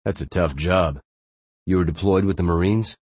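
A man's voice: low voice, normal speed, a little mellow, breathy edge, dry recording. Man doing a weak, wounded older man. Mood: weak, wry. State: weak from blood loss.

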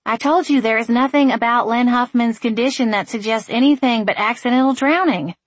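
A woman voicing a determined, outspoken small-town young woman who argues in a forceful, insistent way. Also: a little high, a little fast, no room sound, voice pushed up, natural voice. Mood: indignant.

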